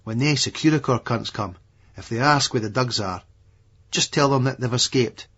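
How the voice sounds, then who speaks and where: A man's voice: mid-range voice, normal speed, fairly bright tone, breathy edge. A man voicing a menacing, unhinged Edinburgh hard man in an audiobook, sneering and coarse in his taunts. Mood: scheming. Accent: Scottish, Edinburgh. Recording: dull lo-fi audiobook recording.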